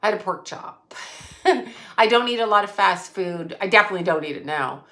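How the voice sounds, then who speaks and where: A woman's voice: medium pitch, animated, normal speed, pushed and bright. A woman hosting a casual livestream, chatting straight to her viewers in a rambling, profane way. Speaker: psychic medium livestream host.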